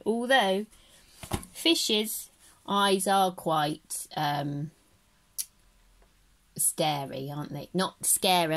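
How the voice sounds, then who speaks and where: Brief: woman, unhurried, gentle rambling craft tutor, mid-pitched. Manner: chatty, gentle, rambling, self-correcting. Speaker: craft teacher. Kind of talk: casual how-to tutorial.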